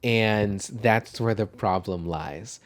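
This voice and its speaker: A man's voice: lowish voice, takes it slowly. A man co-hosting a podcast in casual chat, rambling and swearing freely. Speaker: podcast co-host.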